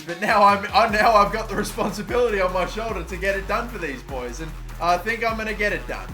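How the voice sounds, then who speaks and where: Young man, high bright voice, excitable gameplay commentary, lots of swearing. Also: normal speed, hardly any pauses, faint music behind. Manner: excitable, swears a lot, shouts at players. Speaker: gaming YouTuber.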